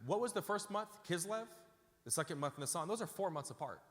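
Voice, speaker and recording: A man's voice: high voice, expressive, brisk, fairly bright tone. A man preaching a sermon as pastor, emphatic and repeating phrases as he calls out to the congregation. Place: large church auditorium. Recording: hall reverb from a large church.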